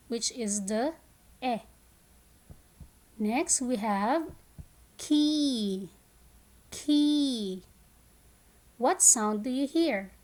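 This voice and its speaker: A woman teaching an online kindergarten phonics lesson, speaking slowly and clearly and drawing out each sound. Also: fairly high pitch, a little mellow. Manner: slow, clear teacher talk with drawn-out sounds.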